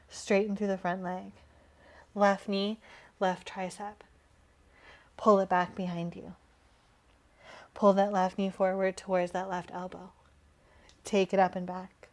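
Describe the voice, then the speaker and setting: A woman instructor giving calm, encouraging yoga cues while moving, slightly out of breath. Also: medium pitch. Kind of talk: guided yoga class cues.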